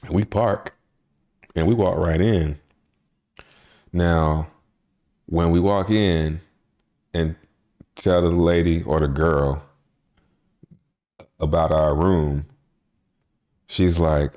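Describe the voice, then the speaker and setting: Deep-voiced man telling a story casually. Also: slow pace, long pauses. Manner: profane, laughs through his story, relaxed. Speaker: podcast host.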